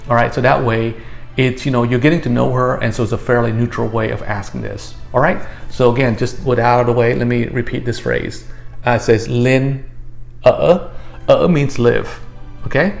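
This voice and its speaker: Gravelly man teaching a language casually. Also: mid-range voice. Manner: chatty, with frequent fillers and restarts; slows down to stress the words he teaches. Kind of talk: casual explanatory lesson.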